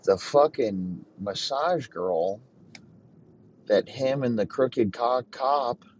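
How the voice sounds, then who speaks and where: A man improvising a profane comic story in a deadpan narrating manner. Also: medium pitch, extremely slow, slight background noise. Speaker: comedy podcast host. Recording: muffled lo-fi recording.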